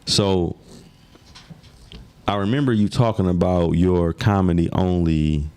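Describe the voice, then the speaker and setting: A man co-hosting a podcast, steering the conversation in a relaxed, casual way. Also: low voice, measured pace, clear, resonant tone. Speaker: podcast co-host.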